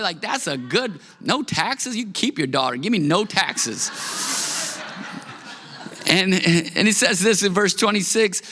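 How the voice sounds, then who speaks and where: A man in his thirties preaching a sermon as a pastor, animated and conversational, often repeating words. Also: high-pitched, a little slow, in a large hall. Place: church hall.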